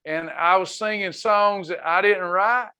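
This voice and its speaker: A man's voice: sits high, steady tone, measured pace, sharp tone, clean tone. A man leading a faith-based wellness class, preaching with fervor and reading out members' comments as he goes. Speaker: wellness ministry leader. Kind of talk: preaching to a live online class.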